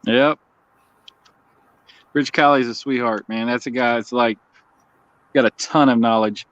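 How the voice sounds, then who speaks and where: A man's voice: mid-range voice, fairly even intonation, unhurried, a bit bright, no echo. A man co-hosting a livestream coin auction, chatting casually, laughing often and greeting viewers in the chat. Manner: laid-back, laughs often, chats with viewers. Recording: slightly dull lo-fi stream audio.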